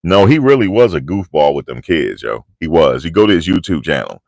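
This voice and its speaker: A man's voice: sits low, very animated, fairly quick, vocal fry, dry recording. A man hosting a livestream, telling stories in casual slang and reading out chat comments. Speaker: livestream host.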